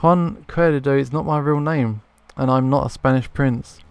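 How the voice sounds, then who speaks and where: Man doing a smooth theatrical impostor. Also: medium pitch, moderate pace, no room sound, close to an everyday voice. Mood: guarded. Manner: florid, theatrical storytelling. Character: smooth male impostor posing as a prince, theatrical. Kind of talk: reading game dialogue aloud.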